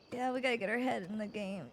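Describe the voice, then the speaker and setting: A young woman with a high voice, chatting casually on a live stream. She gushes and sounds close to tears, circling back over her own words in rambling bursts. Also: slight background noise. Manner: emotional, gushing, near tears; rambling, repeats herself.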